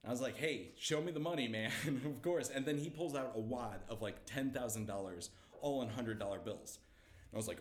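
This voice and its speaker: A young man telling a story as a guest, lively and laughing, acting out the quotes. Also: medium pitch, a little fast, reverberant. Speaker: comedian guest. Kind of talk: animated storytelling.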